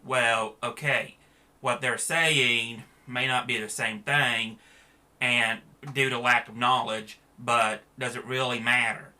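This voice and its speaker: A man's voice: mid-range voice, steady tone, slow pace, sharp tone. A man giving a blunt, sarcastic opinion rant to the camera as a vlogger.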